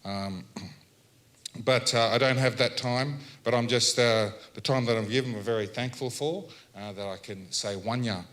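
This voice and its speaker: An Australian man addressing a symposium audience in a loose, storytelling way. He jokes, laughs between points and keeps his voice at an everyday middle pitch. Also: normal speed, a bit bright. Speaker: Welcome to Country speaker. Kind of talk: relaxed public address with storytelling. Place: health symposium.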